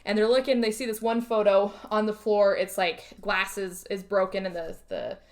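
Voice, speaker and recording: Casting note: woman co-host, easygoing chatter, voices characters in quick asides, salty language. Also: medium pitch. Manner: lively retelling, acting out characters' lines, swearing. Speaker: podcast co-host. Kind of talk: casual movie recap chat.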